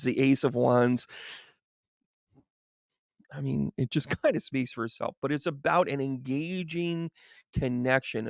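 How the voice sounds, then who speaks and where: A man working as a psychic medium, reading tarot cards on a live stream and chatting with viewers. He is animated and chummy, often laughing and calling people by name. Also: medium pitch, vocal fry, no room sound, clean studio sound.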